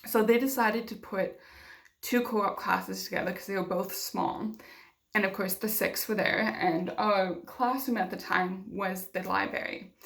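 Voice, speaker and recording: A young woman vlogger telling a personal story to camera in a candid, conversational way with many fillers. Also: medium pitch.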